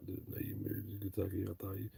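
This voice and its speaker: A man with a low, gravelly voice chats casually with his livestream viewers, blunt and swearing freely. He is from Ohio and jokes around as he talks. The sound is dry and close, with no room echo. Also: completely flat delivery, fast talker, dark tone. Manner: profane, blunt, joking. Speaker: livestream host.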